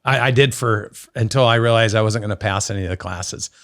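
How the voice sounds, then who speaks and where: In a studio-quality recording free of room sound, a middle-aged man from Oregon, USA, appears as a business guest on a storytelling interview. His voice is on the low side and quick, and he animatedly acts out the quoted lines in his stories.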